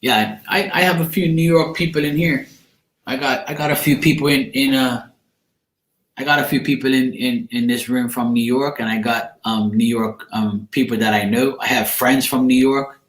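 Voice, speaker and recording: A man tells a loose, rambling story at an ordinary pitch, often starting over. He talks casually and laughs now and then. The room around him is echoey. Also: steady tone, moderate pace. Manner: rambling, repeats and restarts, laughs while telling. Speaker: channel host. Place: room in a home.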